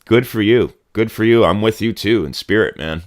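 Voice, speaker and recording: The speaker is a middle-aged Connecticut livestream host in a casual chat, rambling and cursing bluntly as he rants. He has a lowish voice and a moderate pace. The recording is clean studio sound without room sound.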